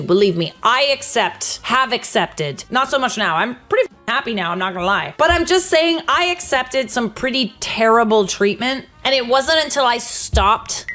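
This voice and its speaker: Woman host doing blunt chatty reaction commentary, a bit high, soft music in the background. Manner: blunt, chatty, animated, addresses viewers as bestie.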